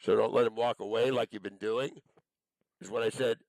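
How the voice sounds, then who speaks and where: A man's voice: mid-range voice, fairly even intonation, brisk, vocal fry, a little mellow, dry recording, low-quality recording. A man delivering an angry, profane monologue, accusing and cursing as he rambles from one charge to the next.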